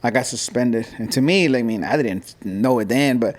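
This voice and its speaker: In a casual podcast conversation, a Southern California man in his forties tells an animated story, acting out different voices and slipping into Spanish. He speaks at a normal speed with a mid-range voice.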